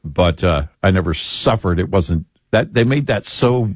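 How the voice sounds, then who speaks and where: A man's voice: deep voice, expressive, unhurried, dry recording, studio quality. A man co-hosting a casual political talk show, chiming in often with short agreements.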